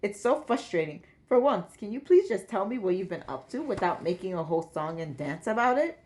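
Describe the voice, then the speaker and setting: A woman's voice: fairly low pitch, moderate pace, slight background noise, close to an everyday voice. A woman voicing a grown-up academic daughter who talks to her father with fond exasperation. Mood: exasperated.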